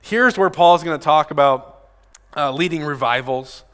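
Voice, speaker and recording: A man's voice: a little high, measured pace, a bit bright, clean tone, in a large hall. A male pastor giving a casual, direct sermon at a pulpit microphone and often asking his congregation questions. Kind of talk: conversational sermon. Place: church sanctuary.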